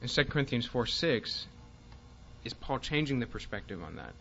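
A man teaching a Bible class, speaking haltingly with fillers and restarts and reading passages aloud with more force. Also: medium pitch, very animated, gravelly, fairly bright tone, slightly rough, lo-fi sound, soft background music.

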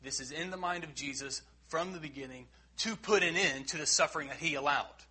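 A man preaching a sermon in an earnest, emphatic way, rising loud and dropping quiet. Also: fairly high pitch, brisk, breathy edge.

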